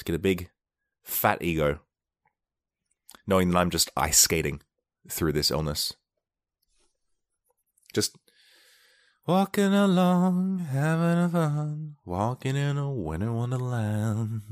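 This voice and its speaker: A man's voice: deep voice, a bit bright, dry recording, studio quality. A man rambling sarcastically in a comedic monologue, now and then acting out quoted people in short bursts while sick with a mild illness.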